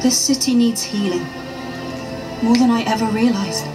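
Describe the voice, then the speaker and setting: An actress voicing an earnest young woman enforcer from an animated series, sincere and measured. Her voice sits somewhat high. The show's score plays clearly beneath her lines. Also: over music, close to an everyday voice. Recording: show audio with score underneath.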